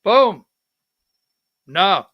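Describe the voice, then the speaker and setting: A man hosting a political talk show, giving heated, indignant commentary with slow, emphatic delivery. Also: high-pitched, big pitch swings, no echo, dull audio.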